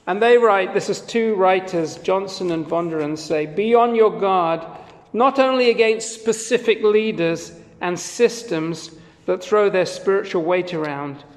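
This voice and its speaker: A high-pitched man preaching a sermon, earnest and conversational as he works through quoted passages. His voice rings out with a long hall reverb around it. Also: unhurried. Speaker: pastor.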